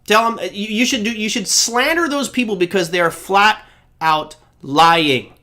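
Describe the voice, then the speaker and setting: A man's voice: high-pitched, measured pace, bright, forceful tone. A man in his forties hosting a live trading show, answering chat questions bluntly and acting out quoted reactions.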